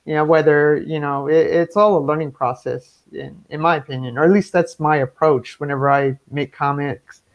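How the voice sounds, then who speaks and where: A man's voice: a little high, steady tone, moderate pace, hardly any pauses. Hesitant man on a dull call line. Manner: rambling, hesitant, many fillers and restarts. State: voice cracking from talking. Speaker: guest comic artist. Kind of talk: casual interview chat.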